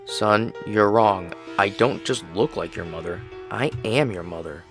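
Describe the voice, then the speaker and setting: A man voicing a gentle middle-aged mother back from the grave, soft, doting and eerily calm, in a horror game. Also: medium pitch, normal speed, gravelly, music in the background.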